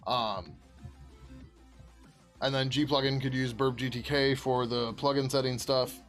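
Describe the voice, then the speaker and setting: A man's voice: mid-range voice, fairly even intonation, a little slow, faint music behind. Laid-back man rambling while coding. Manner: rambling, laughs often, answers chat; swears casually, many fillers. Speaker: software developer streaming his work. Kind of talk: casual live-stream chat while coding.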